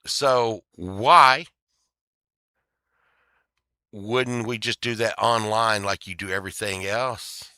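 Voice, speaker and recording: A man's voice: lowish voice, steady tone, takes it slowly, pauses often, pushed and bright, clear, resonant tone, no echo, studio quality. A man telling a story in an angry, swearing rant, acting out the other people in it. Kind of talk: casual profane storytelling rant.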